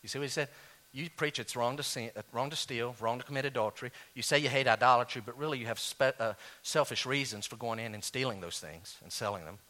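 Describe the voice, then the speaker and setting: A man preaching a sermon as pastor, animated, swinging from loud high exclamations down to low quiet asides. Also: quick pace.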